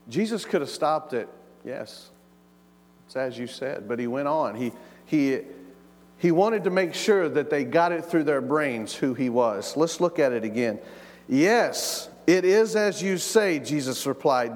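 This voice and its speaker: A man's voice: on the high side, animated, measured pace. A man preaching a sermon as pastor, emphatic, repeating his words and acting out the quoted lines. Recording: long reverb of a large hall.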